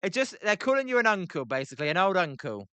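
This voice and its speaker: A British man with a bright, sharp voice that sits a touch high for a man, chatting casually on a live stream. He reads chat messages aloud and fills gaps with ums, and his tone stays clean and crisp. The sound is close and dry, with no room around it. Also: very animated, fast, no echo. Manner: filler-heavy, reads chat messages aloud between play calls. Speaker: livestream host.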